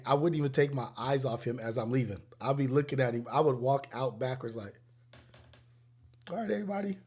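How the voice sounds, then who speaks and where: A man in his forties with a Los Angeles accent, hosting a casual livestream chat and telling stories with frequent laughter. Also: mid-range voice. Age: 40s. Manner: laughs often, animated storytelling. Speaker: livestream host.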